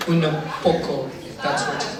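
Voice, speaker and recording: A man's voice: a little high, huge pitch swings, moderate pace, a crowd in the background. A man doing stand-up comedy, teasing and coaxing the audience through a routine with self-mocking jokes. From India. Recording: distant mic in a very echoey hall with noise.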